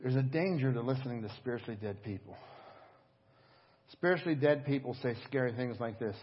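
Middle-aged male pastor, conversational storyteller, slightly husky, captured in a reverberant hall. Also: medium pitch, fairly quick. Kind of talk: sermon. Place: church service. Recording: dull echoing church hall audio.

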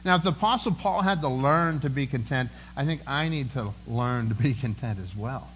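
A man's voice: medium pitch, expressive, moderate pace, a bit bright, slight background noise, low-quality recording. A man preaching a sermon in an earnest, conversational way, often repeating words as he goes. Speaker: pastor.

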